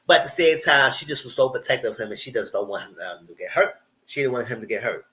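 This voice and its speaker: A man's voice: medium pitch, quick pace. A man reviews TV episodes live in a loose, casual way. His voice sits in a mid range. He tells the story with energy and jumps into the characters' lines as he goes. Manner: animated retelling that acts out the characters' lines. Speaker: TV show reviewer.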